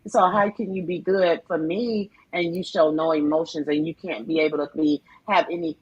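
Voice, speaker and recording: A woman's voice: low voice, steady tone, moderate pace, husky. A woman guest speaking earnestly in a casual online conversation. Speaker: guest, book co-author. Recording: dull lo-fi online call.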